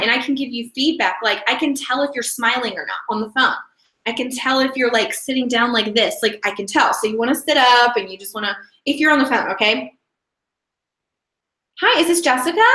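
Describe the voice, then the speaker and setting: A woman's voice: on the high side, brisk, bright, forceful tone, roomy sound, poor audio. A woman team leader giving a casual training talk, chatty and rambling, often breaking off and restarting her sentences. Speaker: direct sales team leader.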